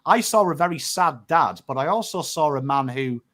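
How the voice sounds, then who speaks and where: An Australian man talks on a podcast with real feeling, pressing his points hard and dropping swear words as he goes. His voice sits a little higher than most men's. He slips into the voices of his mates when he quotes them. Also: expressive, moderate pace, a bit bright. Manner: emotive, emphatic, swears freely; acts out quotes of mates in conversation. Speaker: podcast co-host. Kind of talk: casual podcast chat.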